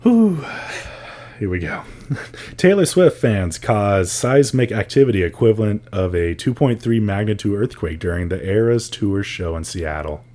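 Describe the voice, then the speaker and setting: A man's voice: on the low side, animated, a little slow, warm tone. A man co-hosting a podcast who casually reads news topics aloud, adding laid-back wry asides. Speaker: podcast co-host.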